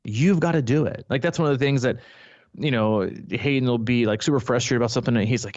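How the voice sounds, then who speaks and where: A man's voice: medium pitch, fast talker, a little mellow, no room sound, highs cut off. A man coaching triathletes, talking in a rambling casual way with frequent restarts. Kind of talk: casual podcast chat.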